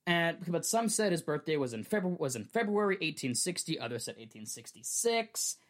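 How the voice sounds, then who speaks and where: Lively young man telling a story. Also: a little high, a little fast. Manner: chatty, restarts often, laughs along. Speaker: podcast host. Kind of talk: casual podcast storytelling.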